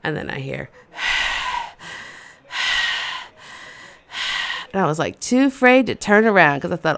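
Animated woman telling a funny story. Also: on the low side, takes it slowly, gravelly, pauses often. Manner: animated, dramatic, conversational. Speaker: storyteller host. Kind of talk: comedic personal storytelling.

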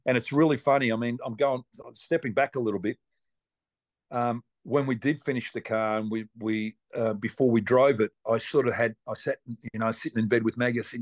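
A man's voice: mid-range voice, fairly even intonation, moderate pace, no room sound. An Australian man telling rambling, chatty stories as a guest on an interview, with mild swearing and lots of restarts. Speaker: race car driver guest. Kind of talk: casual storytelling interview.

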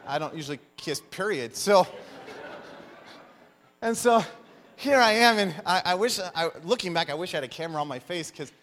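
A man preaching a sermon, telling stories with animated emphasis as the pastor. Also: high voice, moderate pace, pauses often. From United States. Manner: animated storyteller, lively emphasis.

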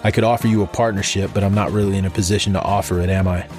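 A man reading a story, voicing a cold, scheming young woman inventor who talks in a defiant, sharp-tongued way. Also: low voice, steady tone, racing, faint music behind, close to an everyday voice.

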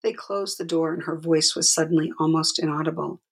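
A woman narrating her own memoir in a quiet, measured way. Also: sits low, completely flat delivery, creaky, slightly rough. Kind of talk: reading a memoir aloud.

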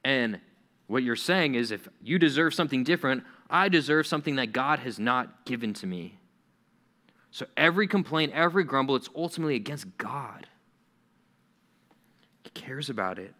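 A young adult man preaching a youth sermon, animated and acting out quoted voices. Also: medium pitch, normal speed, pauses often. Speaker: youth pastor.

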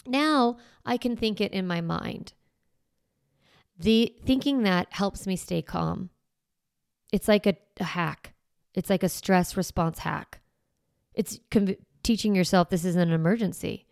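A woman's voice: medium pitch, unhurried, creaky, a little mellow, clean tone, dry recording, studio quality. A woman in her forties, a parenting coach hosting a podcast, talking casually and acting out little quotes. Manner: chatty, acts out quotes, many "like" fillers.

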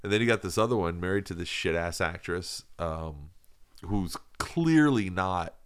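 Man, very low voice, rambling profane banter. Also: animated, moderate pace, smooth. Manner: rambling, profane, laughs often. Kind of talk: casual comedic chat.

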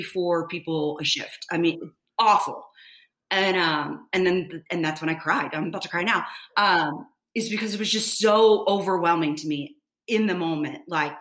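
Candid, bright-voiced woman nurse in an echoey room. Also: on the low side. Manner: candid, lots of filler, swears freely. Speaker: nurse guest. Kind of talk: casual storytelling.

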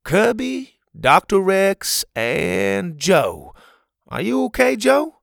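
A man's voice: sits high, huge pitch swings, takes it slowly, gravelly, fairly bright tone, no room sound, clean studio sound, voice pushed up, heavily acted. A man doing Pa, a worried camp leader. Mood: concerned.

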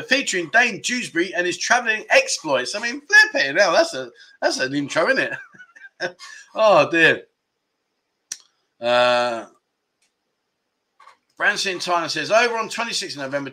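A man in his fifties with a bright, forceful voice pitched a little high, hosting a relaxed livestream. He talks candidly and chuckles often as he reads out comments from viewers. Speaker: livestream host. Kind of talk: casual live chat reading viewer comments.

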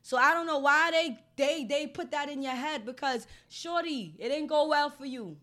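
High-voiced, blunt woman. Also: normal speed, bright, forceful tone. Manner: blunt, heated, heavily profane. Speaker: storyteller recounting an assault. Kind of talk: casual storytelling.

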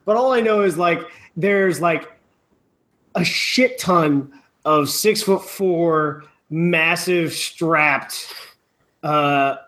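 A man's voice: fairly high pitch, very slow, fairly bright tone. A man in a casual podcast chat, talking loosely and jokingly with lots of "like". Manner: loose, joking, heavy use of "like".

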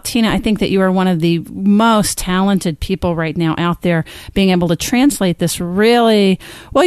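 A middle-aged woman co-hosting a podcast interview, telling personal stories in an expressive way and laughing often. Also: on the low side, no echo. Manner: warm, expressive storytelling with frequent laughs. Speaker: podcast co-host. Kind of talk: conversational interview.

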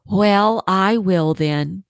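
A busy, hopeful little hen from a storybook calls out high and bright for helpers, as a woman puts her on, then settles into a patient, resigned answer. The voice swoops up on her calls and lands low on her replies. The sound is close and dry. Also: very animated, takes it slowly, no echo, full character voice. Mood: patiently resigned.

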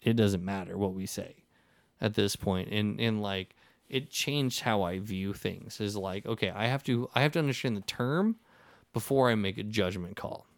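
A man with a fairly low voice, talking in a loose, rambling way that is full of restarts. He acts out the people in his anecdotes as he goes. The sound is dry and close, with no room around it. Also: moderate pace, no room sound. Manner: rambling, animated storytelling with many restarts. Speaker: podcast host. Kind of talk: casual conversation.

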